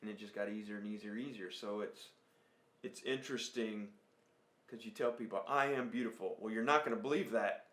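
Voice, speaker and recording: Male podcast voice, lowish and relaxed, echoey recording. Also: brisk. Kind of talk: podcast conversation. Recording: roomy echo.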